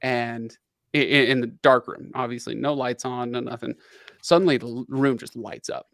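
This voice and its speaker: A middle-aged man hosting a casual livestream, telling a long personal story in an animated way, laughing often and leaning on fillers. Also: mid-range voice, moderate pace, vocal fry, dry recording, studio quality. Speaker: livestream host.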